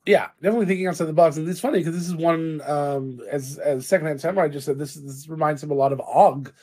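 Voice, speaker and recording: A man's voice: fairly high pitch, quick pace, warm tone. A man co-hosting a casual tabletop gaming stream, rambling and self-deprecating. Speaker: co-host, dungeon master. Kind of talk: casual chat.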